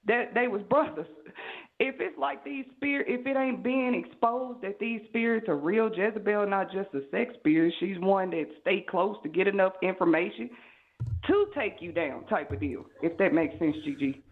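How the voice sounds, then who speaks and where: A woman's voice: medium pitch, moderate pace. A woman with a Southern US accent calling in to a talk show and speaking in a preachy, rambling way. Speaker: caller. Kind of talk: call-in monologue. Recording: tinny phone line.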